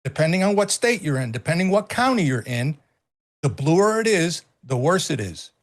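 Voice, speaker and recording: A middle-aged man with a high voice talks politics on a casual stream. He speaks emphatically, repeats himself and swears freely. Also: sing-song, normal speed. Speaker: co-host.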